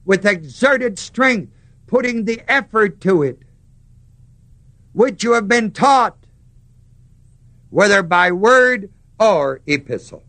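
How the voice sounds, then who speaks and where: A man preaching a sermon, stressing words slowly and putting questions to the congregation. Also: high-pitched, expressive, bright, forceful tone.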